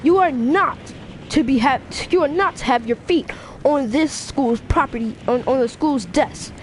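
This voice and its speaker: A woman's voice: on the high side, sing-song, unhurried, darkish tone. A prim teenage class rep, all rules and formality, scolds in a raised, fussy voice as a woman puts him on. He stumbles over his words while lecturing. Faint hiss sits behind. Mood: scolding. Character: stiff rule-bound teen boy class rep.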